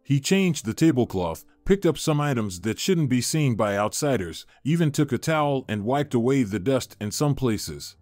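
A man reading a moral story as a measured, steady narrator. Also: medium pitch, dry recording. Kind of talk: scripted narration. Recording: dry studio voice-over with soft music. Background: faint music.

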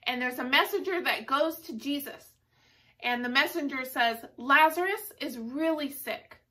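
Animated woman telling a story to children. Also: sits high, unhurried, recorded from a distance. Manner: animated, acts out characters' lines. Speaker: Sunday school teacher.

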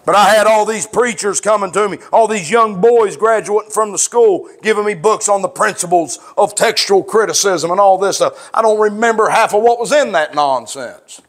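A man pastoring a congregation, his voice sitting high for a man. He preaches plain and fervent, sliding from low, confiding talk into raised, shouted lines. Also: normal speed, few pauses. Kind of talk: sermon. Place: church.

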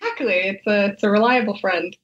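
A woman's voice: medium pitch, brisk. A woman guest on a podcast, telling an anecdote with lots of laughter and acting out quoted lines. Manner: animated storyteller, laughs often, acts out quoted lines. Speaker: guest, wine tasting business founder. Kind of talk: casual storytelling interview. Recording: muffled lo-fi podcast audio.

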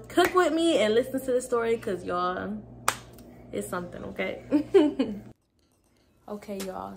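A woman's voice: mid-range voice, gravelly, slight background noise. A young woman vlogger chatting casually to viewers while cooking in her home kitchen, telling a story and laughing often.

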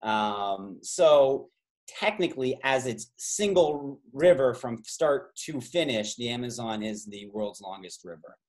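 A man's voice: medium pitch, lively intonation, unhurried. Canadian guy hosting trivia on a video call, chatty, wanders off into side stories. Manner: rambling, many fillers and side stories. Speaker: trivia host and tour guide.

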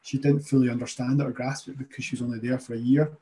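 A man's voice: mid-range voice, level tone, racing, dark tone, slight background noise. A man co-hosting a podcast, telling a school memory in a chatty way. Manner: storytelling, chatty. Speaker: podcast co-host. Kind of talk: casual podcast chat.

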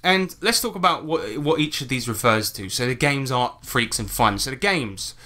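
A British man co-hosts a casual comedy podcast with a bright, forward tone. He tells stories in a jokey quiz-show manner and drops deadpan disclaimers. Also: medium pitch, normal speed. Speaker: podcast co-host.

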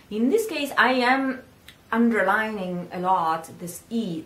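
Italian lady singing teacher, slow careful talk, says words over and over for you to copy, kinda echoey room. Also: medium pitch, expressive, fairly bright tone. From Italy. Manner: coaching, repeats words slowly for the learner to echo. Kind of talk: pronunciation lesson.

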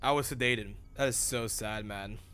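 A young man streaming a horror game, swearing and yelling at jump scares in casual commentary. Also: medium pitch, normal speed, noisy background. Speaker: gaming streamer.

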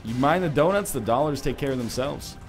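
A man's voice: mid-range voice, animated, brisk, faint music behind. A man co-hosting a gaming stream, wordy and sardonic, with an irritated throat. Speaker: streamer co-host. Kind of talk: casual gaming chat.

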